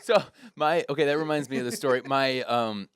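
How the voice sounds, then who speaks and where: A man's voice: medium pitch, brisk. A man guesting on a casual podcast, telling stories and acting out the voices in them. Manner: acts out voices in anecdotes, animated. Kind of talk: casual chat, storytelling. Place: Chicago.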